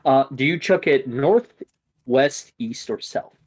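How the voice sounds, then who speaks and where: A man's voice: medium pitch, lively intonation. A man narrating a tabletop game as game master, talking casually with fillers. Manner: casual, halting, with fillers and restarts.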